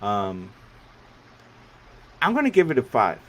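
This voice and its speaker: A man hosting a casual online panel show, excitable, laughing often and swearing casually as he scores pitches. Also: slow. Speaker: podcast host running a pitch panel.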